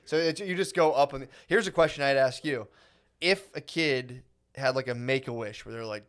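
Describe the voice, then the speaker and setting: A man in laid-back comedy-podcast chat who laughs often and peppers his talk with dude. His voice sits at an ordinary mid pitch. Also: moderate pace, a bit bright. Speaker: podcast co-host. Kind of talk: casual comedic banter.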